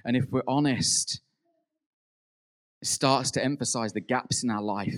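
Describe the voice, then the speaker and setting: A man preaching a sermon in an earnest way. He rises to emphatic peaks, then drops soft, and acts out quoted prayers. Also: mid-range voice, unhurried.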